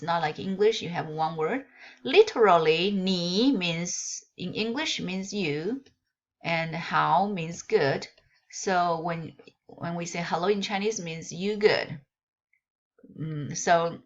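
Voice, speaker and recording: A woman speaks very slowly and patiently in a beginners' lesson, her voice sitting a little low. She stretches single syllables with exaggerated rising and falling tones and often circles back to repeat herself. The recording is dull and lo-fi. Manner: patient, repeats herself, loose unscripted phrasing. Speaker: Chinese language teacher. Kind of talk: slow spoken lesson. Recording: dull lo-fi sound.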